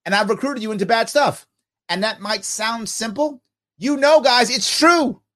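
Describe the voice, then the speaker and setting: A man hosting a podcast, answering viewer comments in casual talk, animated and emphatic, asking himself rhetorical questions. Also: extremely high pitch, normal speed.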